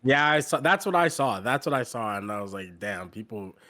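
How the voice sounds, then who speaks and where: Man co-host, banter-heavy and reactive; mid pitch, dry close-miked podcast sound. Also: animated, bright, forceful tone, no echo. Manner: jokey, quick reactive banter. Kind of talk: casual chat.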